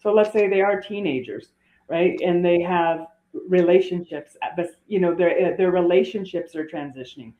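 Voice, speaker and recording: A woman's voice: on the low side, moderate pace. A woman guest speaks on a podcast over a thin, phone-like line. Her voice rings in a roomy, echoey space. She explains earnestly, restarting phrases as she goes. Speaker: guest author and coach. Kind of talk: podcast interview.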